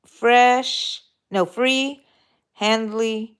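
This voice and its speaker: Brief: middle-aged woman, drawl, unhurried, low-pitched, chats with viewers as she crochets. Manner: chatty, laughing, talks to viewers. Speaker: crochet vlogger. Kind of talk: casual live-stream chat while crocheting.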